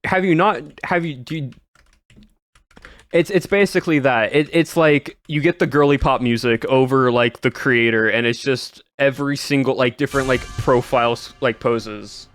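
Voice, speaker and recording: A man's voice: mid-range voice, normal speed, fairly bright tone, no echo. A man streaming, chatting casually to his viewers in a rambling way with lots of "like" and restarts. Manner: rambling, full of "like" and restarts, laughs often.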